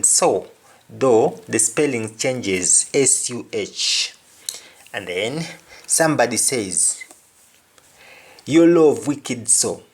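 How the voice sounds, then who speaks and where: A man gives a relaxed language lesson at a very slow, careful pace. He repeats every word and sample phrase, pausing between them for learners to follow. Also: medium pitch. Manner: repeats each word and example phrase twice. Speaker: language teacher.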